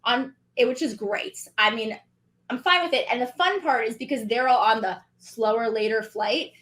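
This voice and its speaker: A woman in her thirties co-hosting a casual recap show, chatty and animated with quick asides. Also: fairly high pitch. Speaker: podcast co-host.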